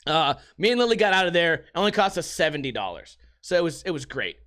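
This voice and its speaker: High, bright-voiced rambling man. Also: big pitch swings, quick pace. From United States. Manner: rambling, profane, jokey storytelling. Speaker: podcast host. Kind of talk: casual podcast monologue.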